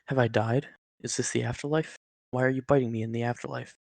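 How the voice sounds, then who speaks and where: A parched man stranded in the desert, croaking out anxious questions, as a man reading the story voices him. His speech is rough and gravelly, with the uneasy, questioning manner of someone who has just woken up somewhere strange. The sound is close and dry. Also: medium pitch, steady tone, fast talker, darkish tone, no echo. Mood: bewildered.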